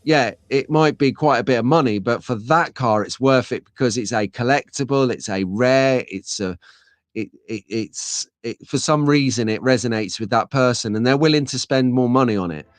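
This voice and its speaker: Chatty and meandering, this middle-aged live stream host reads out comments from his viewers as he talks. He speaks in a mid-range voice at a moderate pace, with no echo.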